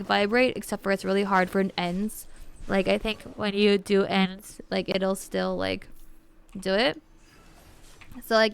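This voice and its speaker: A woman's voice: medium pitch, clean tone. A young woman streaming live, chatting casually with viewers and explaining things in a rambling way full of "like" and restarts.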